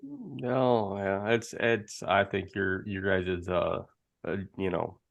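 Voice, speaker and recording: A man in casual chat, relaxed, teasing and telling anecdotes. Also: low voice, slow, vocal fry, highs cut off.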